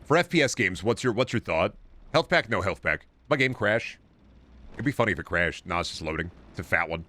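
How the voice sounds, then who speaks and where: A man's voice: on the low side, lively intonation, fairly quick, pushed and bright. A man streaming a shooter game, talking to his chat in a profane, blunt and mocking way. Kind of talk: casual game commentary to chat.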